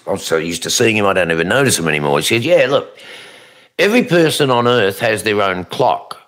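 A man's voice: lowish voice, animated, a little fast, a bit bright. A man telling crude jokes on a radio show, acting out the characters in them. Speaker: radio co-host. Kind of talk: casual radio banter and joke telling.

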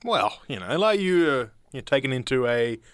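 A man's voice: medium pitch, sing-song, normal speed, clean tone, no echo. A man co-hosting a radio show, hesitant and full of fillers, with dry joking. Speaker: co-host. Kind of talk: casual chat.

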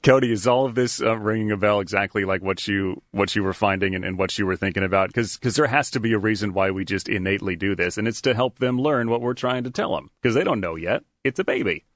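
A man with a lower voice co-hosts a news interview, talking fast in a brisk, chatty way. His sound is dry and close. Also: fairly bright tone, dry recording. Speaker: news radio co-host.

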